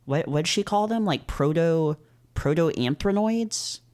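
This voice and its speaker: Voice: mid-range voice, animated, slow, a little mellow. A visual novel reader reading aloud and commenting casually, rambling and hesitant with frequent fillers and restarts.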